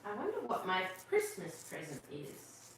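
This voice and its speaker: A woman's voice: medium pitch, wildly swooping pitch, measured pace, slight background noise. A woman voicing a polite, thoughtful little girl who muses to herself. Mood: musing. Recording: echoey room, far from the mic.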